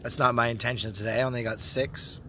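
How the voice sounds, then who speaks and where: A man's voice: mid-range voice, fairly even intonation, fast, noisy background. A man vlogging casually from a park, joking, teasing and swearing freely as he rambles to his phone. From Canada. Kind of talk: casual rambling monologue to camera. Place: outdoor park.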